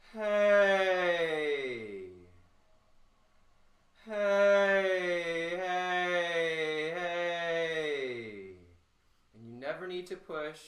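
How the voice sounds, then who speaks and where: Calm, slow-guiding male voice teacher. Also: mid-range voice. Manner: slow, calm guiding, with loud called-out "hey"s. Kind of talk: guided voice warmup. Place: home room during the pandemic. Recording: echoey room, mic at a distance.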